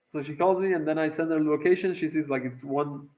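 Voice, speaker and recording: A man's voice: a little high, steady tone, quick pace, a little mellow, low-quality recording. A young man from Iran telling a long personal story in a casual, profane, rambling way, with lots of fillers. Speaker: vlogger.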